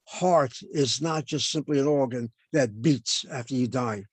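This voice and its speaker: A man's voice: mid-range voice, a little slow, breathy edge, no echo. An older man lecturing as a professor over a video call, explaining points and then asking and answering his own questions.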